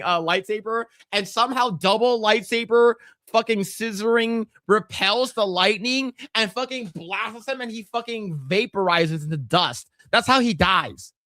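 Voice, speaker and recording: A man co-hosting a podcast in casual chat, swearing often and acting out scenes in squeaky put-on voices. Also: bright, forceful tone, no room sound, studio quality. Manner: profane, laughing, acts out scenes in high voices. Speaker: podcast co-host.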